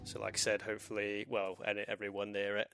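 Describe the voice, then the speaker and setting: Bright-voiced male game caster. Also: on the low side, completely flat delivery, fast, gravelly, faint music behind. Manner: casual, rambling, often laughing. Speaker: esports commentator. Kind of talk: live game commentary.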